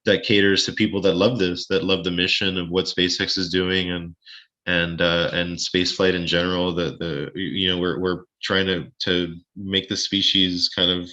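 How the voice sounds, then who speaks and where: A man's voice: deep voice, flat delivery, normal speed, bright, forceful tone, highs cut off. A man being interviewed over a live stream, chatty and rambling, with lots of restarts and joking asides. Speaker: space-tourism lodging owner.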